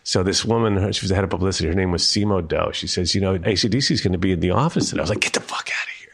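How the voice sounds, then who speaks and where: A man guest on an interview podcast, telling animated, profane anecdotes and acting out the people he quotes. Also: deep voice, rapid-fire, vocal fry, slightly rough. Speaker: record executive guest. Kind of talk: storytelling interview.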